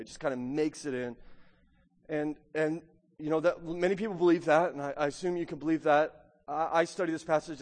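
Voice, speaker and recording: Male pastor, high voice, fervent sermon delivery, long hall reverb. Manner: impassioned, rising to emphatic peaks, acts out quoted excuses. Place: church sanctuary.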